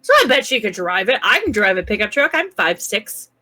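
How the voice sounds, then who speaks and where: A woman's voice: medium pitch, sing-song, a little fast, bright, forceful tone, rough recording. A woman playing a tabletop role-playing game, chatting casually as she describes her character's actions. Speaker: player.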